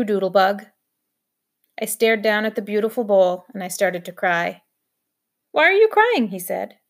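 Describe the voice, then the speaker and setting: A woman reading a children's novel aloud in steady first-person storytelling. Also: medium pitch. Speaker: audiobook reader.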